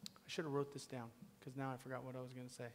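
A man preaching a sermon to his church, swinging from loud, pleading peaks down to a hushed whisper. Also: mid-range voice, little pitch movement, fast talker, slight background noise. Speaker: pastor. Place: church sanctuary. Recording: long reverb of a church hall.

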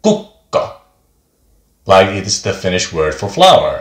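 A man's voice: fairly low pitch, very animated, slow pace. A man teaching a beginner pronunciation lesson, speaking patiently and repeating each example word twice. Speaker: language teacher. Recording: echoey room.

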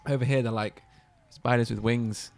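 A man's voice: medium pitch, fairly even intonation, normal speed. A man co-hosting a horror let's play, playing the game and chatting in a jokey way with frequent laughs. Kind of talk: casual gaming banter.

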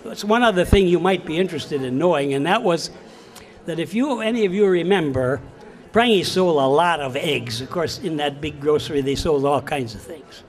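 Older man from Wisconsin, slightly high voice, easygoing anecdotal storyteller at a local talk. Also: lively intonation. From Wisconsin, USA. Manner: folksy, unhurried storyteller. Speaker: former store employee recalling his job. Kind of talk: telling anecdotes to a local audience.

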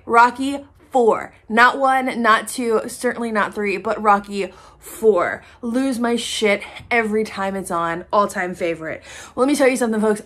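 Woman, chatty haul vlogger; slightly high voice, gushing and casual, swears freely. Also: fairly bright tone. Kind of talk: casual chat to camera.

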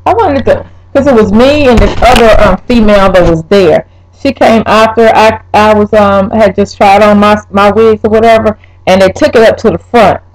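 A woman's voice: normal speed, poor audio. Exasperated woman venting to her camera. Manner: exasperated, swears, talks to viewers directly; pitch leaps when upset. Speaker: wig reviewer. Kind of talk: casual vlog, ranting.

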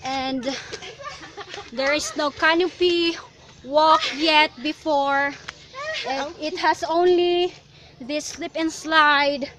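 A woman's voice: sits high, very slow. Giggly Filipino woman vlogging outdoors. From Philippines. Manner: excitable, giggly, chatty. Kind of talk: casual travel vlog. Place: outdoor resort, partly on a cable car. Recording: noisy outdoor recording.

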